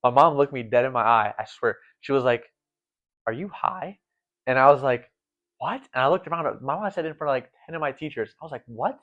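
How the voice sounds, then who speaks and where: A man's voice: medium pitch, fast talker, few pauses, a bit bright. A young man in his late teens talking casually and earnestly, rambling with lots of fillers. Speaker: guest, former volleyball setter. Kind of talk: casual conversational chat. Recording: dull lo-fi recording.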